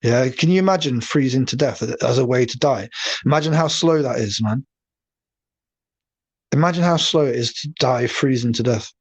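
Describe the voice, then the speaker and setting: A man's voice: medium pitch, moderate pace, slightly rough. A man, hosting a casual livestream, rambling and swearing as he chats with viewers. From England. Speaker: livestream host. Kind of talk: casual live chat.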